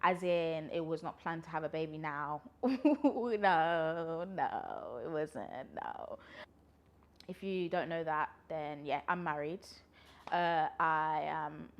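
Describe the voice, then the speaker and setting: A woman's voice: low-pitched, takes it slowly, muffled recording. A woman, chatting casually through a pregnancy Q&A vlog, a little out of breath and laughing often. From London, UK. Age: 20s. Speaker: vlogger.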